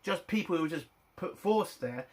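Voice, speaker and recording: A man angrily ranting in a TV review vlog, swearing heavily and breaking into loud indignant bursts. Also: on the high side, expressive, normal speed. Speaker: TV review vlogger.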